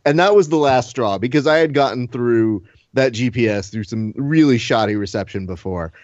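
A man's voice: mid-range voice, normal speed, darkish tone, no room sound, muffled recording. A man co-hosting a casual podcast chat, telling a story with energy, acting out quotes and swearing. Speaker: podcast co-host.

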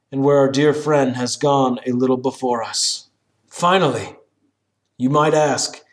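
A man with a rather high voice delivers a historical sermon as a reading. His manner is solemn and measured, and his rhetorical questions rise in force. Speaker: sermon reader. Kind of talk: read-aloud historical sermon.

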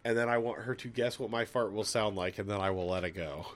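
A man's voice: on the low side, fast talker. Laughing man telling crude stories. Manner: laughs often, animated storytelling. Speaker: podcast host. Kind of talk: casual chat.

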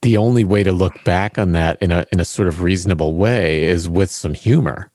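A man's voice: low-pitched, brisk, a little mellow, no room sound, clean studio sound. A man co-hosting a podcast in casual chat, wry and hesitant, with lots of "you know" and "like". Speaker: podcast co-host.

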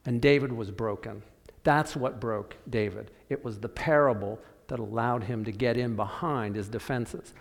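A man preaching a sermon, telling a story and acting out the voices of biblical figures, with sudden drops to a quiet voice. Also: medium pitch, normal speed, vocal fry, long reverb tail. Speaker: pastor.

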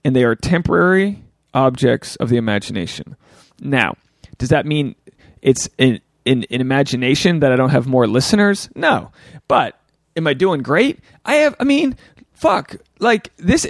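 A man talks alone into his podcast mic, rambling and openly reflective, cursing casually and circling back on his own sentences. His voice has a gravelly edge, heard dry and close with no room around it. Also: mid-range voice, dry recording. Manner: rambling, candid and profane; self-reflective, often restarts thoughts. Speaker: podcast host. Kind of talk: solo podcast rant.

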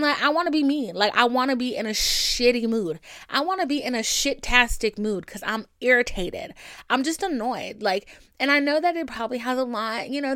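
A young woman hosting her own podcast, venting and telling stories in a candid, profane, animated way. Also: medium pitch, clear, resonant tone, dry recording, clean studio sound. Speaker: podcast host. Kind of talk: casual solo podcast venting.

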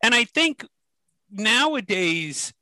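A man's voice: sits high, big pitch swings, slow, sharp tone, no room sound, low-quality recording. A man co-hosting a podcast, posing questions and building his argument in casual chat. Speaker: podcast co-host.

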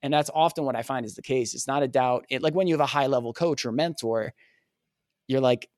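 A man's voice: medium pitch, fairly quick, no room sound. Earnest man telling a story, dry sound. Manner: earnest, animated storyteller who acts out quoted dialogue. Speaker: podcast guest, communication coach. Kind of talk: personal storytelling in a podcast interview.

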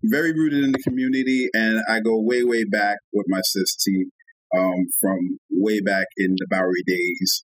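A man guest-hosting a casual podcast, relaxed and friendly, repeating phrases as he eases into questions. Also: on the low side, normal speed, no room sound, poor audio. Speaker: guest host asking questions. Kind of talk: casual chat.

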